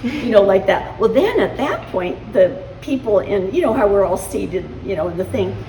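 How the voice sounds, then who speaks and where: Woman in her 70s, veteran interview, halting storytelling, roomy sound, background noise. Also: medium pitch, very animated, warm tone. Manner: halting storytelling with many fillers. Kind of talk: recounting memories in an interview. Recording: roomy, distant mic, ambient noise.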